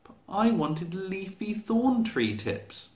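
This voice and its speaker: A man voicing a loud, mean male giraffe who laughs all the time, in a storybook reading. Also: very animated, slow, full character voice. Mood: cross. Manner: booming, braying laughter and shouts. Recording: echoey room.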